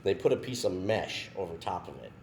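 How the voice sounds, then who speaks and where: A man with a low but lively voice tells a story in casual chat, breaking into laughter and checking in with his listeners as he goes. Faint room noise sits behind him. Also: fairly quick. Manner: laughs through his story, often tags "right?". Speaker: podcast guest.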